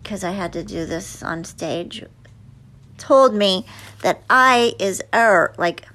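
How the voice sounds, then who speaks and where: A woman's voice: medium pitch, slow, a bit bright. A woman actress answering interview questions in a chatty, hesitant way with many fillers and restarts. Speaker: actress guest.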